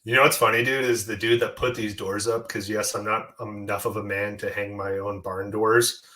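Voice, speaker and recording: A man with a lowish, bright and forceful voice jokes around with his co-hosts in a relaxed sports chat. He teases and prods the others playfully. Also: moderate pace, rough recording. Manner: teasing, joking. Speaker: podcast co-host.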